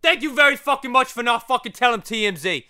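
A man impersonating a furious male movie star who shouts, swears and repeats himself over and over. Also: very high-pitched, lively intonation, fast talker, clear, resonant tone, voice pushed up, full character voice. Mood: furious shouting.

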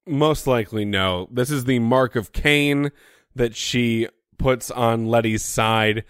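A man's voice: medium pitch, slow, a bit bright, smooth, no echo, clean studio sound. A man co-hosting a podcast, talking through an episode in casual chat and posing reflective questions. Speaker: podcast co-host.

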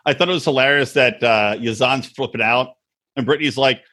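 A man's voice: medium pitch, brisk, bright, forceful tone. A man co-hosting a casual podcast, crude and mocking, who acts out the people he quotes in silly voices. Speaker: podcast co-host. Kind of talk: casual chat.

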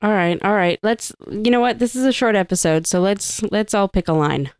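A woman's voice: mid-range voice, moderate pace, clean tone, no room sound, studio quality. A woman co-hosting a podcast in casual chat, blunt and self-mocking with frequent swearing. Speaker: podcast co-host.

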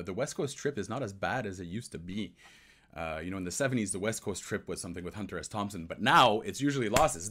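A man's voice: medium pitch, fairly bright tone, a little hiss or hum. A male host chatting on a live hockey podcast, easygoing and rambling. He drifts into French now and then before catching himself and carrying on. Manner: rambling, switches between English and French. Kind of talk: casual hockey podcast livestream chat.

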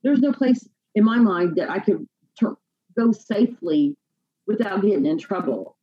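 A woman telling her own life story in a podcast interview, halting and repeating words as she fights back tears. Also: medium pitch, big pitch swings, slightly rough, lo-fi sound. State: near tears. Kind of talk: emotional personal testimony.

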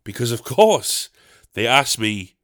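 A man's voice: mid-range voice, sing-song, slow, fairly bright tone. A man hosting a podcast, telling a rambling comic story with lots of swearing and questions he asks himself, then answers. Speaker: podcast host.

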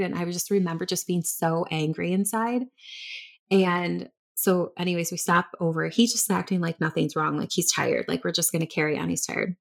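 A woman's voice: lowish voice, fairly even intonation, normal speed, vocal fry. A woman in her thirties co-hosting a podcast, telling a personal story candidly with many restarts. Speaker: podcast co-host. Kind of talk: casual chat.

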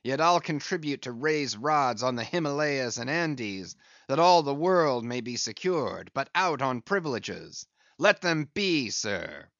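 A man voicing Ahab, a stern, defiant old sea captain who gives commands in a measured way. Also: medium pitch, animated, fairly bright tone, no room sound, highs cut off.

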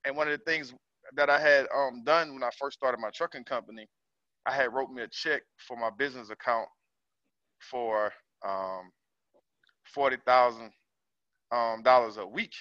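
A man calls in to share his story, pausing often with ums and restarts. His voice is bright and forceful. The call audio is dry and dull. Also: mid-range voice, fairly even intonation, dry recording. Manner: halting, many ums and restarts. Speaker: caller, small business owner. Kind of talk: casual sharing on a group call.

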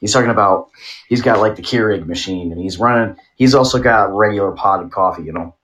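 Brief: deep-ish male podcast co-host, meandering and chuckling, swears freely. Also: a little fast, a bit bright. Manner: rambling, giggly, profane. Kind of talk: casual chat.

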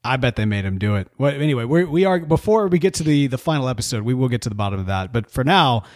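A man co-hosting a podcast in casual chat, animated and jokey, often breaking into laughter. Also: medium pitch, fast talker, no echo, studio quality. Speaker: podcast co-host.

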